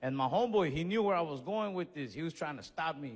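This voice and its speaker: A man doing standup, telling a story with loud acted-out quotes and crude slang. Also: on the high side, lively intonation, quick pace, few pauses, in a large hall. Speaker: standup comedian. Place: comedy club stage.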